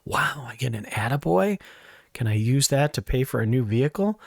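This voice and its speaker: New man, podcast host, rambling storyteller with a lively, up-and-down delivery, dry close mic. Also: mid-range voice, normal speed, vocal fry, no room sound. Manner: rambling, chatty, with asides. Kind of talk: casual storytelling monologue.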